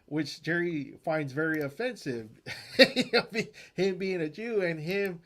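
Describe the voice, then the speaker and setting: A man's voice: on the high side, a little slow, fairly bright tone. Laughing, profane man, podcast co-host. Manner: laughs often, profane, rambling. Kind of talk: casual chat.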